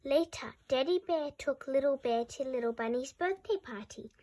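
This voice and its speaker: A woman reading a children's picture book aloud in a clear, deliberate way. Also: high voice, warm tone, slight background noise. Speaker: storybook reader.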